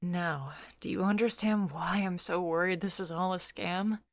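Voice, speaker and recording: A woman reading the part of a wary young trans woman in a storybook, in close to her own lowish voice. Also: normal speed, dry recording, lightly acted. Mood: worried. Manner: wary, plain-spoken.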